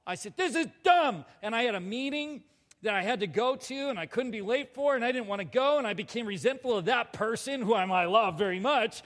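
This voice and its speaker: A man with a notably high voice tells a personal story from the pulpit. He is animated and pokes fun at himself as he acts out his own words. The sound rings out with the long reverb of a big hall. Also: a little fast. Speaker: preacher giving a testimony. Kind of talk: storytelling sermon. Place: large hall before a live audience.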